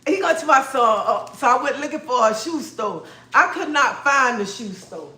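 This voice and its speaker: A woman hosting a livestream, telling a lively story to her viewers and acting out what people said, laughing as she goes. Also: sits high, normal speed. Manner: animated, laughing, acts out quoted dialogue. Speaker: livestream host. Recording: roomy echo.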